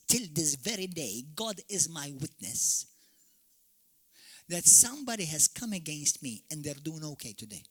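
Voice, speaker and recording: A man from Malta preaching a fiery sermon as pastor, swinging from shouted peaks to sudden quiet drops. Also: on the high side, sing-song, unhurried, husky. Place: church hall.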